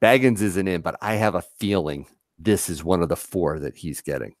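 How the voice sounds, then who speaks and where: A man's voice: low-pitched, normal speed, no room sound, studio quality. A man co-hosting a casual livestream, chatty and laughing often as he reads comments aloud. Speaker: livestream co-host. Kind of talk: casual live chat.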